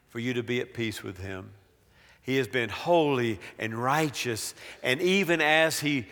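A man delivers a sermon at an unhurried, measured pace. He holds long dramatic pauses and lets his phrases fall away softly at the end. His voice carries a long reverb from the church sanctuary. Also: medium pitch. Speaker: pastor.

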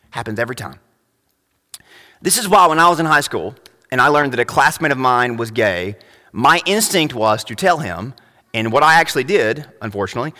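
A young adult man preaching a sermon as pastor, emphatic, rising to loud high peaks. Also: long reverb tail.

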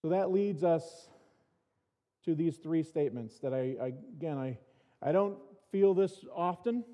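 This male pastor's voice is fairly high and animated, a bit slow, with a dark tone. Preaching casually in a church sanctuary, he restarts his words frequently and leans on dry humor at his own expense. The audio is dull, with the echo of a reverberant church hall.

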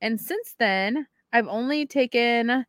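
A woman co-hosting a casual podcast, telling an animated story full of "like" and the odd swear word. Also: on the high side, slow, no room sound, clean studio sound. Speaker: podcast co-host. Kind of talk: casual chat.

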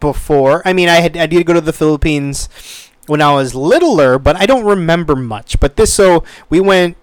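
A man in his thirties tells a story casually and with animation, swearing as he goes. His voice sits a little high and sounds smooth and resonant. The recording is dry and close, with no room sound. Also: moderate pace, no echo. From United States. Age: 30s. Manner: animated, swears freely, acts out quoted voices.

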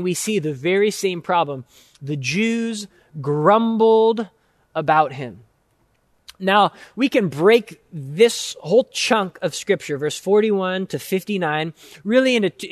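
A man's voice: sits high, animated, no room sound, studio quality. A male pastor preaching a sermon in an earnest, emphatic way, stretching out key words and repeating phrases for weight. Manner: earnest, emphatic, drawn-out repetition.

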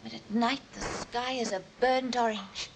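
An actress playing a wistful young woman far from her home planet in a 1960s TV drama, gentle and earnest, from a hissy old television recording. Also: a little high, steady tone, a little slow, gravelly.

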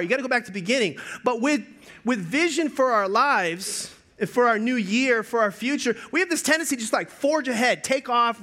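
A man preaching a sermon as pastor, joking, telling stories and talking with lively energy. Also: extremely high pitch.

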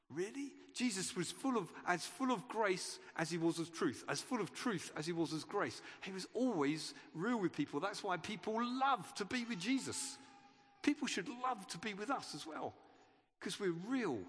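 A man preaches in an earnest, conversational way, his voice sitting a little high. He often stumbles and restarts a phrase. A long church-hall reverb trails after every word. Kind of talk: sermon.

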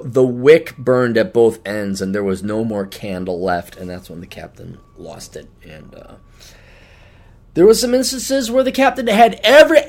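A man's voice: medium pitch, a little mellow. A man hosting a podcast, rambling profanely and mocking himself in a casual solo monologue. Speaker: podcast host.

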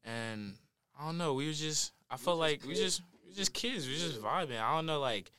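A man, a guest musician, speaking softly and hesitantly about how he met his friend. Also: a little high, lively intonation, normal speed, clean tone, no echo, studio quality. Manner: soft-spoken, hesitant, with fillers. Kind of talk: casual podcast chat.

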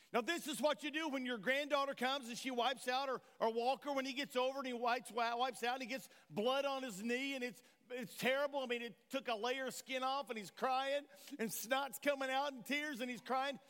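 High-voiced preacher in a reverberant church. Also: male voice, fairly quick, fairly bright tone. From Tennessee, USA. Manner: impassioned preaching with rhetorical questions to the congregation. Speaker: pastor. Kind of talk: sermon. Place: church sanctuary. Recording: long church hall reverb.

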